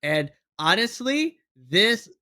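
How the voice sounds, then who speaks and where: Excited guy recapping a wrestling show, higher bright voice, gushing about matches. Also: slow. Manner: enthusiastic, recaps events, mimics wrestlers. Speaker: podcast co-host. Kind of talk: casual wrestling podcast chat.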